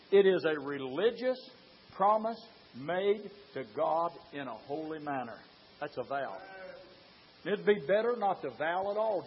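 Guy preaching hard, high-pitched, keeps asking the crowd "huh?", dull old recording with faint hiss. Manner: fervent, rising to shouts; rhetorical questions to the congregation. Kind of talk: sermon. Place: church.

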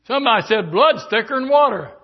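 An older man from the American South preaching a sermon, moving from quiet storytelling to fervent shouting. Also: very high voice, animated, quick pace, creaky, lo-fi sound.

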